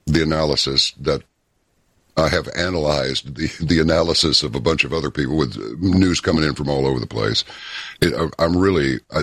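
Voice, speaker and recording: Very deep, husky-voiced man. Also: fairly bright tone, no room sound, studio quality. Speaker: guest. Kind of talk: casual interview talk.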